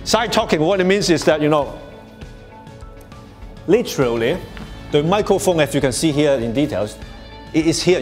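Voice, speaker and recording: This presenter's voice sits on the high side and is expressive, moving at normal speed with long pauses, faint music in the background. Addressing a live workshop audience, he chats casually, restarts frequently, leans on "you know" and laughs softly often while explaining.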